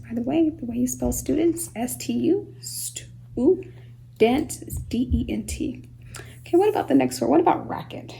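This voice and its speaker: A woman gives a phonics lesson for young children, her voice high with a gravelly edge and a mellow, darker tone. She sounds words out slowly and patiently, sometimes softening to a whisper. Faint background noise sits under the recording. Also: poor audio. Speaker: homeschool teacher.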